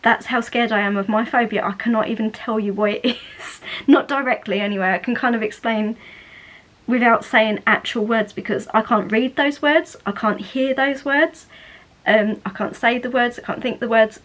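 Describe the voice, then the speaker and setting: A woman's voice: fairly high pitch, fairly even intonation, moderate pace, fairly bright tone, low-quality recording. A woman in her thirties from England, talking candidly to the camera in a casual vlog, chatty and full of restarts. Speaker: vlogger.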